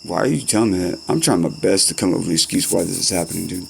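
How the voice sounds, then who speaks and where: A man's voice: low-pitched, very fast, vocal fry, slight background noise. A young man in rambling, profane comedy-skit banter, full of slang and back-and-forth.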